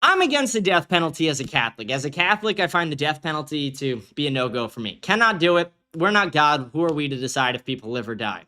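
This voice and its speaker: A man's voice: on the high side, sing-song, fast, hardly any pauses, pushed and bright. A man hosting a livestream commentary show from a green-screen studio, ranting in a brash, profane way. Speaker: host.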